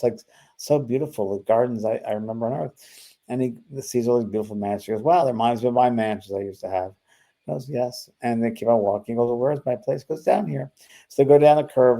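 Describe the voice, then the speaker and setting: A man's voice: on the low side, creaky, mellow. An older man in casual spiritual conversation, telling a story full of fillers and restarts. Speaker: spiritual medium, co-host.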